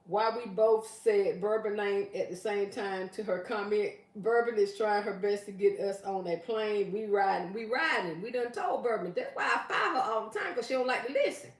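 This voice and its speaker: A woman's voice: mid-range voice, normal speed, few pauses. Chatty woman on a roomy livestream. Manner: chatty and playful, teasing viewers by name. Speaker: livestream host. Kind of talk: casual livestream chat, reading out viewer comments. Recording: roomy, mic at a distance.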